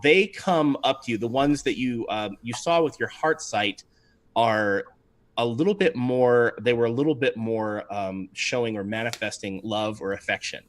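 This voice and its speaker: A man's voice: medium pitch, moderate pace. A man narrating as game master in a tabletop game, rambling and laughing often.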